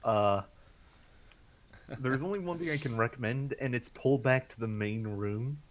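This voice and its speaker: A man's voice: medium pitch, a little slow, slight background noise. Earnest man giving squad orders. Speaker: player. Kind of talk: in-character tabletop planning.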